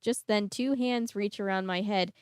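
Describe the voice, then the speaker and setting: Smooth-voiced woman reading a novel aloud. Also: mid-range voice, fairly even intonation, moderate pace, darkish tone, no echo, studio quality. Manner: chatty asides, laughs at herself. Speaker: book reader and vlog host.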